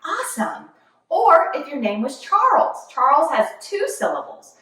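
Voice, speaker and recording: A young woman guides children through yoga with a cheerful, encouraging, sing-song delivery. Her high voice leaps all over as she talks. She is heard from some distance in a very echoey room. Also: very animated, measured pace, bright, forceful tone. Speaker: kids yoga teacher. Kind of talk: children's yoga class instruction.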